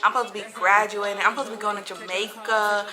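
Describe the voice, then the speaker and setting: A young woman vlogger telling a personal story in a casual, animated way, acting out what people said. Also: medium pitch, fast talker, over music, poor audio. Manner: animated, dramatic retelling that acts out quoted voices.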